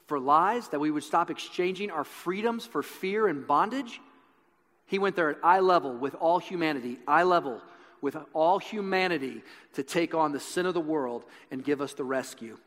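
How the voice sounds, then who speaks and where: A man preaches a sermon, telling a story with earnest conviction. His voice sits a bit higher than most men's. The talk rings with a long reverb from a large hall. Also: fairly bright tone. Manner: earnest storytelling, building intensity.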